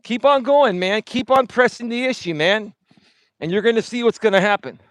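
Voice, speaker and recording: A man's voice: high voice, normal speed, a bit bright, no echo. A man hosting a livestream, taunting a rival with repeated jabs. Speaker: livestream host. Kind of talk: confrontational livestream rant.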